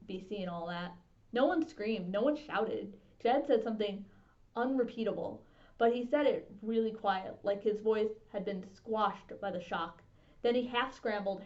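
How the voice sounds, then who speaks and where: A woman librarian reading a children's novel aloud with steady, expressive narration. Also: mid-range voice. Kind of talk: storybook read-aloud. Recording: dull lo-fi sound.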